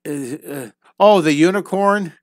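A man's voice: on the high side, unhurried, dry recording, studio quality. Playful man teaching live drawing. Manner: playful, storytelling while drawing. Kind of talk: live online drawing lesson.

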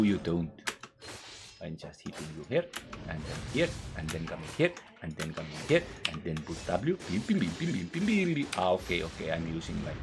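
A man commenting on his own gameplay, trash-talking the game's enemies and breaking into sing-song scatting. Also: deep voice. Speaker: gaming channel host. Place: at a computer, playing a game. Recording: loud keyboard clicking behind voice.

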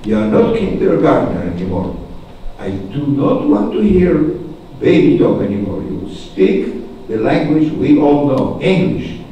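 A man's voice: medium pitch, sing-song, unhurried, dull audio, slight background noise. A man doing a stern, exasperated schoolteacher. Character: strict schoolteacher scolding small children. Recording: roomy hall from far off.

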